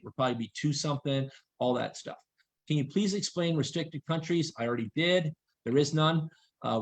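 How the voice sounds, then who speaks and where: A man presenting on a video call, reading questions aloud and answering them briskly, repeating his warnings insistently. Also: mid-range voice.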